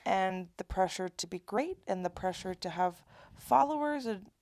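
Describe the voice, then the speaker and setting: A young woman in her twenties with a gravelly, creaky edge to her voice, venting to camera. She rambles and keeps restarting her thoughts. The sound is close and dry, with no room around it. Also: medium pitch, expressive, moderate pace, darkish tone, no echo. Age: 20s. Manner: rambling, self-interrupting, candid. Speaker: vlogger. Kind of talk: casual confessional monologue.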